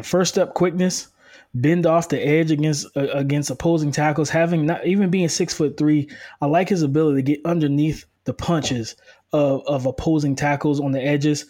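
A man co-hosting a casual sports podcast, giving energetic, quick football breakdowns with frequent restarts. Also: a little high. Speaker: co-host, football analyst. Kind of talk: casual sports analysis chat.

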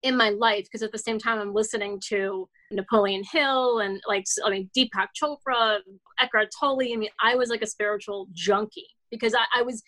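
A woman's voice: mid-range voice, steady tone, moderate pace, bright, forceful tone, low-quality recording. Earnest rambling woman in her forties. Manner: rambling, frequent "like" fillers and restarts; earnest, reflective storytelling. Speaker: guest, children's author. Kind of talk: casual interview talk.

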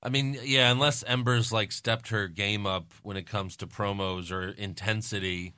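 A man's voice: fairly low pitch, steady tone, normal speed, sharp tone, clean tone, no room sound, studio quality. A man co-hosting a podcast, talking casually and rambling, hedging with "like" and "you know". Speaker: podcast co-host. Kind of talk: casual wrestling chat.

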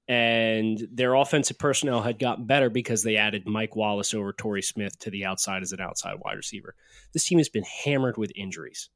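A man's voice: lowish voice, fairly bright tone, no echo, studio quality. A man co-hosting a sports podcast, chatting casually and breaking into heated, jokey rants. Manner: ranting, jokey. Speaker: podcast co-host.

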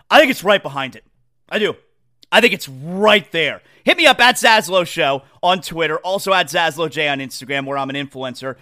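A man hosting a sports talk show, rambling in an animated, casual monologue and often repeating himself. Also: high-pitched.

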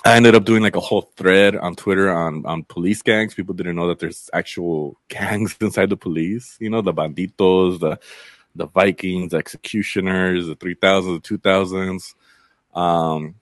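A man's voice: low voice, dry recording, studio quality. A young adult man, a podcast guest, talking in casual conversation, candid and rambling, with many fillers and some swearing.

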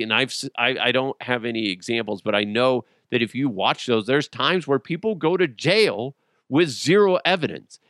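A man's voice: mid-range voice, fairly bright tone, dry recording, studio quality. A man hosting a solo podcast, rambling casually with lots of swearing and jokes. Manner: profane, joking, rambling. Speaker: podcast host.

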